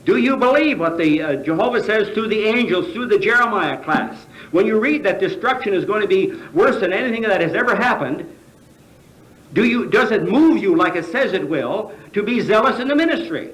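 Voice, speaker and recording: An American man with a high, somewhat bright voice preaches a sermon at a convention, speaking animatedly at a moderate pace. He poses rhetorical questions to the crowd and trips over filler words. The large hall gives the recording a strong echo.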